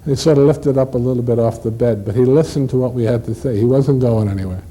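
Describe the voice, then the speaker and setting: A man performing a one-man stage play, telling a first-person story with dramatic pauses and shifts in pace. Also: medium pitch, dark tone, husky, low-quality recording.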